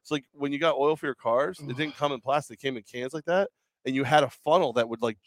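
Man, co-host, casual sports chat, rapid, rambling, jokey, dry close sound. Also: mid-range voice, no echo. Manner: rambling, jokey, lots of restarts. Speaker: podcast co-host.

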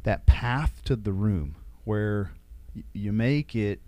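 A man, a military veteran, telling stories in a casual interview, with halting restarts. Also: fairly low pitch, warm tone, dry recording.

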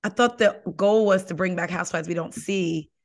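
A young woman hosting a casual gossip podcast, animated and emphatic, with lots of "like" in her speech. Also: fairly low pitch, normal speed. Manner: animated, emphatic, says "like" a lot. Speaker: podcast host. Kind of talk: casual pop-culture gossip chat.

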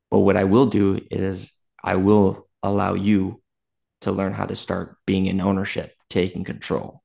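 Deep gravelly-voiced man rambling casually. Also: darkish tone. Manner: rambling, casual, swears, says "dude" a lot. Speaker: podcast host. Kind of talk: casual podcast chat.

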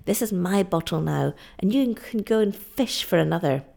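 A woman reading aloud and voicing a rough, hard-drinking male sailor who talks bluntly, loudly and mockingly. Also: fairly low pitch, animated, normal speed. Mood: boastful.

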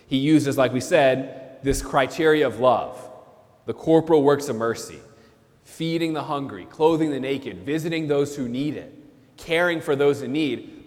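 A man's voice: mid-range voice, long reverb tail. A man, a priest, preaching a sermon in an earnest way and repeating key phrases for emphasis.

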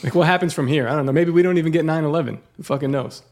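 A podcast co-host in casual chat, wandering through his thoughts with plenty of fillers. His voice sits a little high for a man. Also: very fast, darkish tone. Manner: filler-heavy, meandering.

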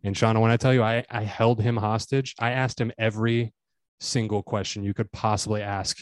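A man's voice: on the low side, fairly quick, dry recording, studio quality. A man co-hosting a podcast, telling a comic story with lots of swearing and acted-out quotes. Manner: animated storyteller, swears freely, acts out quotes. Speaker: podcast co-host. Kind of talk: casual comedic chat.

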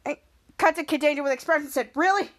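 A woman with a very high voice recaps a TV episode scene by scene for her podcast. She reads the characters' lines with extra lift and stumbles over her words now and then. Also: fairly even intonation, very fast. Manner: reads quoted lines in a livelier voice, many restarts. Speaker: podcast host.

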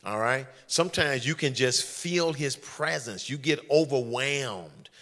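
A man's voice: medium pitch, expressive, a little slow, a bit bright. A man preaching as a pastor, teaching and reading scripture with frequent "all right" and "watch this" to the congregation. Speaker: senior pastor. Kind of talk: teaching sermon during corporate prayer.

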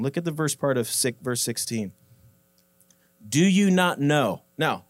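Pastor, male, higher-pitched, conversational sermon delivery with repetitions and emphatic slowed quotes, dry sound. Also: no room sound. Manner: conversational, repeats words, emphatic slow quoting of scripture.

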